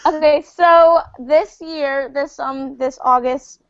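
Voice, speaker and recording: A woman's voice: sits high, fairly even intonation, takes it slowly. A young woman co-hosting a podcast, asking a question with hesitant restarts. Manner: slightly hesitant, restarting phrases. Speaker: podcast co-host. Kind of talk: interview question. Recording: dry, muffled lo-fi audio.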